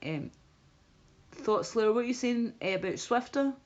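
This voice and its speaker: A woman's voice: on the high side, animated, measured pace. A woman chatting casually on a livestream, rambling with restarts and asides to her viewers. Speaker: livestream host. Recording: dull lo-fi stream audio.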